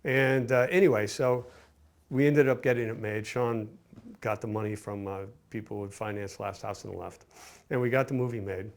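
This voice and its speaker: An older man with a low, gravelly voice looks back on his film career. He rambles, doubling back and restarting his sentences in a loose interview manner. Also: steady tone, moderate pace. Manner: rambling, with many restarts and fillers. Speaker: film director and producer. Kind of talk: casual interview recollection.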